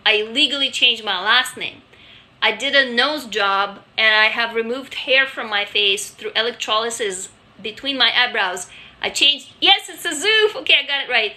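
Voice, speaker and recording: A woman livestreamer from Russia, native language Russian, chats casually through viewer comments on a handheld phone from her home office couch. Her high voice is sharply bright, and she speaks candidly, restarts often and swears freely.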